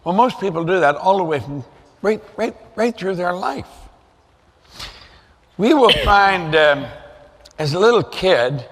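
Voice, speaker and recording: A man's voice: high voice, animated, a little slow, long pauses, a bit bright, big-room sound. An older man giving an emphatic motivational seminar talk, repeating his points for effect. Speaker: seminar speaker.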